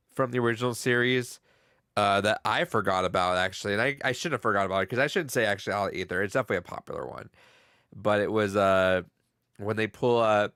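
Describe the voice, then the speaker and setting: A man's voice: lowish voice, fairly bright tone, clear, resonant tone, dry recording, studio quality. A young man co-hosting a casual talk show, rambling, laughing often and swearing as he retells scenes. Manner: loose, laughing, swearing, quick impressions. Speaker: podcast co-host. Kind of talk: casual chat.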